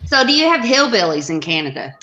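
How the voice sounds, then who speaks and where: A woman's voice: mid-range voice, sing-song, fast, lo-fi sound, a loud crowd. A woman chatting playfully on a live stream, laughing easily. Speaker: chat participant. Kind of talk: casual live-stream chat.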